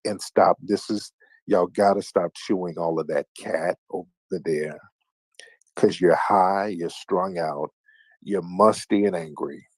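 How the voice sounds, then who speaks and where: Low and steady, the voice of a livestream host comes slowly over a dry recording. During his late-night call-in show he trades casual banter, taunting callers in a mocking sing-song.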